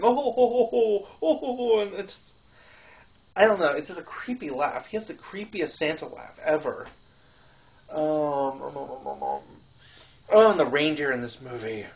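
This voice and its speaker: A man hosting a casual film-review show, rambling with lots of fillers and restarts and laughing between thoughts. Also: a little high. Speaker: podcast host reviewing films. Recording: dull lo-fi home recording.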